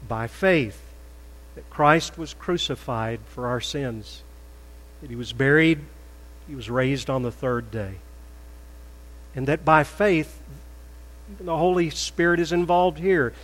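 An older man preaching a sermon in a church, stressing words loudly, then dropping to a soft prayerful tone. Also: fairly high pitch, takes it slowly, long pauses, long reverb tail, rough recording. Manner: emphatic, swings between loud stresses and soft prayer. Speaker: pastor. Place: church sanctuary.

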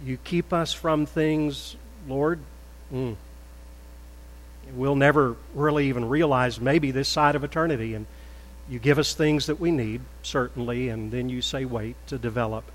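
An older man preaching a sermon in a church, stressing words loudly, then dropping to a soft prayerful tone. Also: medium pitch, measured pace, big-room sound, low-quality recording. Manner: emphatic, swings between loud stresses and soft prayer. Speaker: pastor. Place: church sanctuary.

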